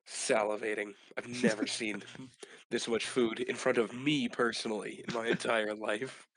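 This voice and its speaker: Excitable, swearing young man at a game table. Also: lowish voice, measured pace. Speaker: player. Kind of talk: casual tabletop role-play.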